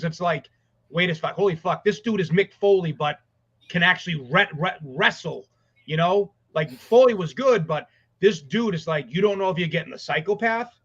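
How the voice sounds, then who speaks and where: A man co-hosting a casual sports podcast, rambling excitedly and swearing as he talks. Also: a little high. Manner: excited, profane, rambling with restarts. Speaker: podcast co-host. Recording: dull lo-fi audio.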